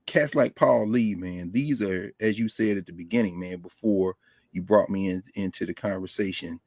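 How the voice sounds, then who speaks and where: A man being interviewed as a guest scholar over a remote call, telling stories in an animated way and acting out the voices of people he quotes. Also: low voice, moderate pace, no echo. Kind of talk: storytelling interview talk. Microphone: remote call microphone.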